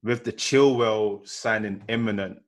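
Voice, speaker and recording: A man's voice: on the low side, steady tone, measured pace. A man chatting casually on a podcast, slangy and rambling. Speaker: podcast co-host. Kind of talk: casual chat.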